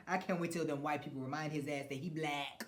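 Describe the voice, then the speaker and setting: A man's voice: a little high, fairly even intonation, brisk. A man hosting a podcast, giving a blunt, profane political rant with frequent mocking laughs and stumbling restarts. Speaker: podcast host. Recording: roomy echo.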